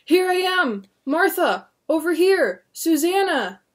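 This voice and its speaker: A woman voicing a desperate colonial husband and father, crying out in loud pleas. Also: a little high, normal speed, breathy edge. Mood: eager calling. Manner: shouting, pleading cries.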